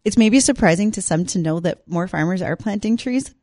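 A woman's voice: medium pitch, lively intonation, fairly quick, mellow, dry recording, studio quality. A woman co-hosting an agriculture and weather radio show, chatting in a friendly, conversational way. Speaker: radio farm show co-host. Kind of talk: radio talk show chat.

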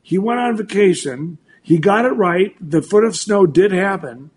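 Here a husky, high-sitting male voice unfolds a little slowly. He is a meteorologist in his sixties on a talk show, chatting casually and animatedly while often starting over and saying things twice.

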